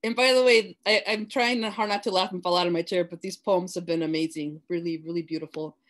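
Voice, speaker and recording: A woman's voice: on the low side, fairly even intonation, fairly quick. A woman poet reading her own poem aloud over a video call, building intensity as she reads. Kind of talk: poetry reading.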